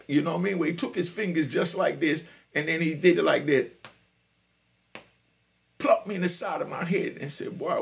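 With a voice on the high side and noticeable vocal fry, a Jamaican podcast host tells his life story live. He uses a street-talk style and keeps asking whether listeners understand him.

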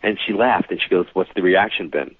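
A psychic medium from New York, in his forties, tells stories briskly in a low, husky voice with no room sound. As a casual interview guest, he plays out the quoted dialogue with animation over a tinny, phone-like line.

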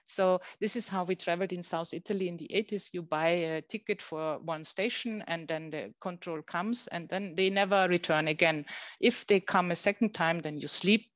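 A woman's voice: fairly low pitch, dry recording. A middle-aged woman reading her own comics aloud and commenting, in non-native English with small slips and hesitations.

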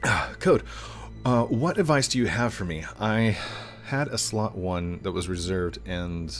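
A low-pitched man in his thirties talks loosely through viewer questions, rambling and animated. Faint music plays under his voice. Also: measured pace. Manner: rambling and animated, drifting from somber to excited. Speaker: gaming YouTuber answering viewer questions. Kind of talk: casual Q&A chat.

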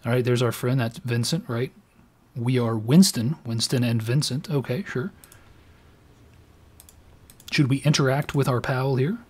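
A man's voice: medium pitch, measured pace, long pauses, a little mellow, slightly rough. A tipsy man giving rambling, self-mocking let's play commentary. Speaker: game commentator.

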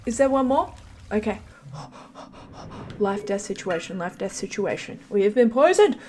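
A woman hosting a let's play video, commenting on her game in an excitable, panicky way with repeated exclamations. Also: medium pitch, measured pace, pauses often, a little hiss or hum. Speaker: gameplay host.

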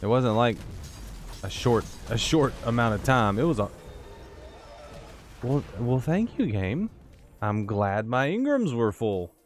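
A man's voice: medium pitch, sing-song, slow, long pauses, soft background music. A tired man giving rambling, joking commentary to himself while playing a video game. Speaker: gaming YouTuber. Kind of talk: casual gameplay commentary.

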